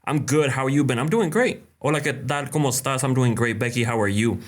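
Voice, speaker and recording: A man's voice: medium pitch, fast talker. Casual man greeting live-stream viewers. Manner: greets viewers by name one after another, relaxed and chatty; drops in short Spanish greetings. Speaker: live-stream host answering viewer questions.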